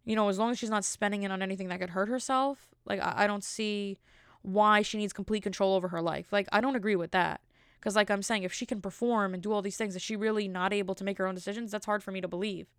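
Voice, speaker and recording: A woman's voice: medium pitch, fairly even intonation, fast, clean tone, no echo, clean studio sound. A woman in her thirties talking casually and indignantly, rambling with lots of filler words. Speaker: commentator. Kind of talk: casual opinion talk.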